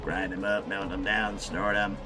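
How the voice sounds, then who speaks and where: A man's voice: sits low, little pitch movement, a little slow, music in the background. A man casually chatting while he assembles miniatures. He is laid-back and profane and laughs often. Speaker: channel host.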